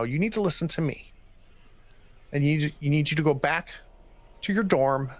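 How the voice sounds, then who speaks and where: A man's voice: on the high side, a bit bright. A man voicing a stern female station doctor who gives clipped, scolding orders.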